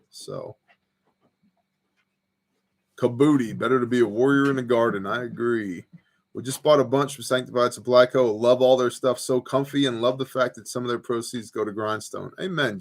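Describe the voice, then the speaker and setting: A man hosting a casual livestream from his home porch, reading viewer comments aloud and telling rambling stories with lots of fillers. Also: medium pitch. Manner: laid-back, rambling storyteller with fillers. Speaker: host of a prepper livestream.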